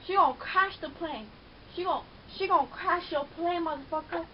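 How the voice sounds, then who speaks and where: A young woman watching a TV show and reacting loudly, profane and brash, shouting at the screen. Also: very high voice, brisk. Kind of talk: loud casual reaction commentary. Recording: dull lo-fi webcam audio with faint hiss.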